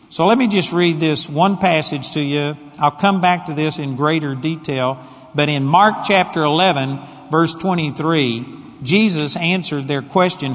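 A man preaching a sermon as pastor, dramatic and emphatic, swinging between quiet and loud delivery. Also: on the high side, in a large hall.

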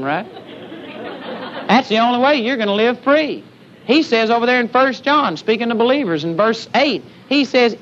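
A man preaching a sermon with emphasis, often calling out "amen?" to the congregation. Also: high voice. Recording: dull lo-fi sermon recording with faint hiss.

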